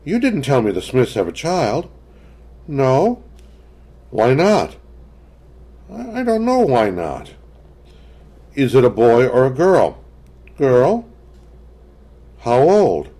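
A tense, sharp-tongued suburban mother, as a male reader puts her on, her clipped questions pitched a little above his own voice. She speaks tightly, with a lively rise and fall. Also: takes it slowly, long pauses, husky, heavily acted. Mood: questioning.

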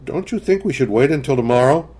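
A man's voice: medium pitch, lively intonation, fast talker, darkish tone, breathy edge, pitched above the performer's own voice. A man voicing a nervous wife in a read-aloud story, protesting in a worried tone. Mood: reluctant. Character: anxious reluctant adult wife.

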